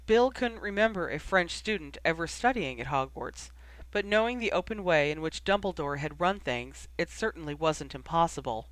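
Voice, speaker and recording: A narrator reading a story aloud in a steady, even manner. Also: medium pitch, moderate pace, no room sound, poor audio. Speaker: audiobook narrator. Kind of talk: scripted narration.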